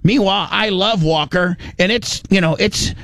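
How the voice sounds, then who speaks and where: A man's voice: high-pitched, moderate pace, vocal fry, no room sound. Rambling, chatty man host. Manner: rambling storyteller, many restarts, animated asides. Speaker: show host. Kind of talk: casual radio show banter.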